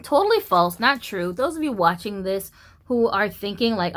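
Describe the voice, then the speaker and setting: A woman in her thirties from the United States, ranting and telling a story to camera in a blunt, profane, animated way. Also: mid-range voice, moderate pace. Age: 30s. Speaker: vlogger. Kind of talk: casual storytelling rant.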